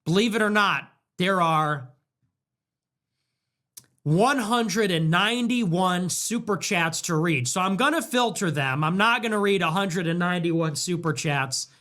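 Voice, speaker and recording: A male livestream host in full rant, voice pitched high and swinging widely as he hammers his points with repeated phrases. His voice sounds strained and worn from hours of talking live. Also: animated, a little slow, sharp tone. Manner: ranting, emphatic repetition. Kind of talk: heated livestream monologue.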